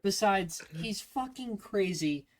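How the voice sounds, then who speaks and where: A man telling army training stories to his stream in a casual, profane, animated way. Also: high voice, slow pace, crowd noise.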